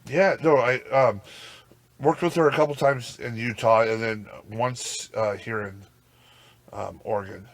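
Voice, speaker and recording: A man's voice: medium pitch, fairly even intonation, a little slow. A young man co-hosting a podcast, telling a rambling, profane road story full of fillers. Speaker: podcast co-host.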